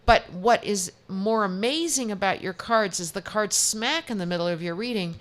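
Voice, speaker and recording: Woman psychic, mid-pitched, chatty, reassuring tarot reader. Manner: chatty and reassuring, quick restarts. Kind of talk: tarot reading on a talk show.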